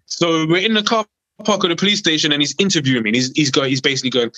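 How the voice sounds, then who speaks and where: A man's voice: fairly high pitch, rapid-fire, no room sound, muffled recording. A young man with a London accent, a podcast guest telling a story casually and acting out the people in it. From South East London. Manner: animated, acts out other voices while telling a story.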